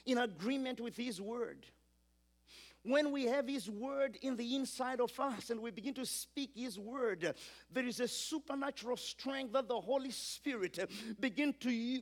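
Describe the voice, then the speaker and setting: A man preaching a sermon, emphatic, building through repeated lines and calling on the congregation to repeat after him. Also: extremely high pitch.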